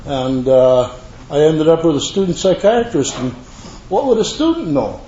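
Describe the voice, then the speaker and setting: A man's voice: on the high side, big pitch swings, normal speed, mellow. An older man tells his recovery story to a live audience in a rambling, earnest way with folksy asides. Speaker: recovery meeting speaker. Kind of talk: personal testimony to a live audience. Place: meeting room with an audience. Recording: echoey room, dull lo-fi sound, faint hiss.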